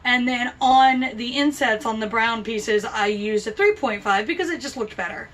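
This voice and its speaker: A woman's voice: on the high side, normal speed, a bit bright, far from the mic. A woman vlogging about her crochet project in a chatty, rambling, self-deprecating way. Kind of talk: casual chat.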